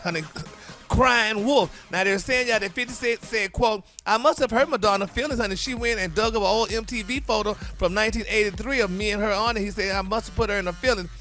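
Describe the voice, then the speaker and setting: A sassy man delivers celebrity gossip on morning radio in a high, lilting voice, calling everyone "honey" and "y'all". Soft music plays faintly behind him. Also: a little fast. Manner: sassy, sing-song, says "honey" and "y'all" often. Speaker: celebrity news host.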